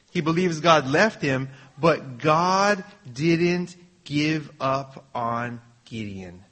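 Male preacher, sermon delivery: unhurried, slightly raspy, earnest, often restarts phrases. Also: a little high, fairly bright tone.

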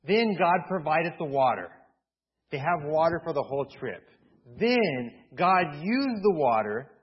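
High-voiced man preaching with animated storytelling. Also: husky. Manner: animated storytelling, playful asides. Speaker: pastor. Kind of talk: sermon. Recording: dull lo-fi recording.

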